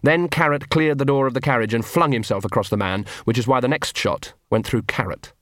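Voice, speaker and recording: A man giving scripted audiobook narration in an even, measured way. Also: medium pitch, dry recording, clean studio sound.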